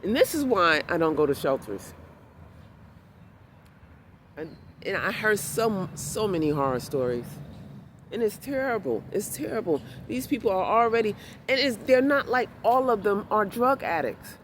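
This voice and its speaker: A woman's voice: medium pitch, sing-song, normal speed, slight background noise. Emphatic woman vlogging outdoors. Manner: emphatic, repetitive, heartfelt. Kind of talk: casual monologue.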